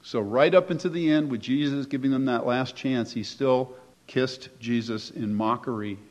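A man with a medium-pitched, darkish voice preaches at normal speed as a pastor. Conversational and emphatic, he throws rhetorical questions at his listeners, and the echoey hall gives the recording a dull lo-fi sound.

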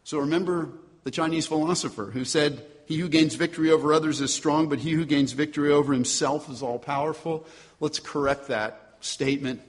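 A man's voice: on the high side, steady tone, fairly quick. A man preaching a sermon as pastor, emphatic, asking rhetorical questions of his congregation. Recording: long hall reverb.

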